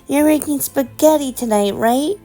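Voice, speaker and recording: A woman voicing an excitable, demanding three-year-old boy who squeals and repeats his words in a children's storybook telling. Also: sits high, measured pace, vocal fry, faint music behind, voice pushed up. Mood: excited. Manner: squealing, chanting words over and over.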